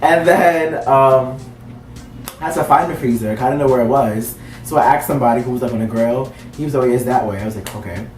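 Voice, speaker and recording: A man's voice: medium pitch, brisk, a little mellow, far from the mic. A young man telling a casual story, rambling and leaning on "like" as he goes. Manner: rambling, heavy use of "like". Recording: roomy, off-mic with faint music.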